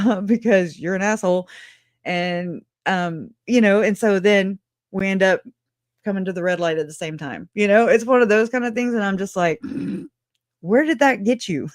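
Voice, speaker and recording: A woman hosting a true crime livestream talks in a loose, animated way. She is sarcastic, laughs a lot, and swears without holding back. Her voice sits close and dry, with no room sound around it. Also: fairly low pitch, dry recording. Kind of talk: casual livestream commentary.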